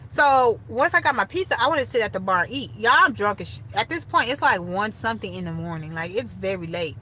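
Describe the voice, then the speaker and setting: Bright-voiced young woman telling a story. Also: mid-range voice, a little fast, a little hiss or hum, poor audio. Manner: animated, talks straight to viewers. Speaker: storytime vlogger. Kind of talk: casual storytelling to camera.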